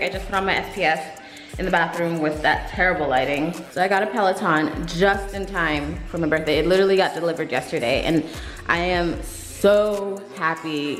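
A woman in her twenties chatting casually to camera in a home vlog, talking to her dogs at times. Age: 20s. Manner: chatty, talks to her dogs in a high sing-song voice. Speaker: vlogger. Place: home, bathroom and workout room.

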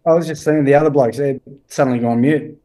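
A man's voice: mid-range voice, steady tone, a little fast, dark tone. An Australian man from the country, joking wryly in a laid-back chat over a video call from home. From rural Australia. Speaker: guest. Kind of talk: casual chat.

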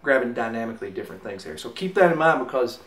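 A man teaches mandolin rhythm in a sing-song, very fast delivery, his mid-range voice a bit bright, chatting easily and counting beats aloud. The sound is roomy and off-mic, backed by mandolin music.

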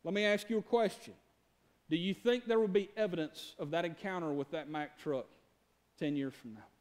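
A man's voice: high-pitched, normal speed. A man preaching a sermon as pastor, telling the story in a folksy, conversational way and talking straight to his congregation.

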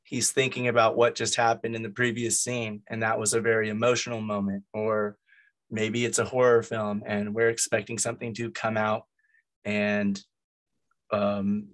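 A man's voice: fairly low pitch, a bit bright. A man who is losing his voice, leading a group meeting in a loose, conversational way with plenty of fillers. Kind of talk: casual explanatory talk.

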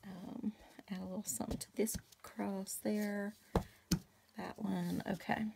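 A woman chatting casually to her viewers while she crafts, rambling with many fillers and soft asides. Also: mid-range voice, flat delivery, measured pace, gravelly, very noisy. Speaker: craft vlogger.

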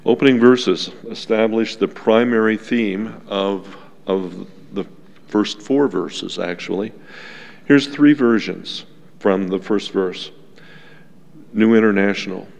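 A male pastor preaching a sermon to his congregation in a gentle, unhurried teaching tone, with asides to the listeners. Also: lowish voice, gravelly. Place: church sanctuary. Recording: long church reverb.

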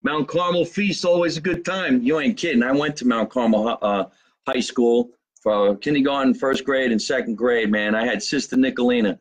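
A middle-aged man with a New Jersey accent, a comedian from Jersey City, chatting casually on a live stream and reading out fan comments in a brash, profane, joking way. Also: mid-range voice. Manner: brash, profane, jokey, slows down to spell out contact details.

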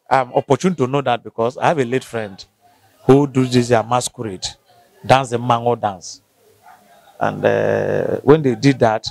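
Halting Nigerian man in interview. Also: mid-range voice, vocal fry, a little mellow, no echo. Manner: halting, restarts often, slow to find words. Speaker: interviewee from the local community. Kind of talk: casual interview answers.

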